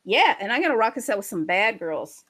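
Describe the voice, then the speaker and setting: A woman's voice: medium pitch, a little fast, over a noisy crowd. Chatty woman hosting a crypto livestream. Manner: energetic, chatty, openly salesy. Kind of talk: promotional livestream talk.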